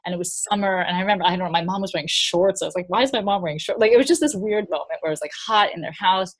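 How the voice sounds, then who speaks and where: A woman's voice: on the low side, very fast. A middle-aged woman speaking as a guest, telling a personal story in an open, rambling way with frequent laughs.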